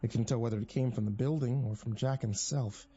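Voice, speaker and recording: A man narrating a first-person horror story in a tense, measured way. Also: mid-range voice, fairly even intonation, mellow, husky, highs cut off.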